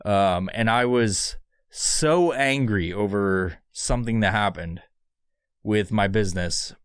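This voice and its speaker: This podcast host has a fairly low, slow male voice with a clean tone and no echo. Alone in a studio, he rambles and swears his way through a sponsor read, sounding sarcastic throughout.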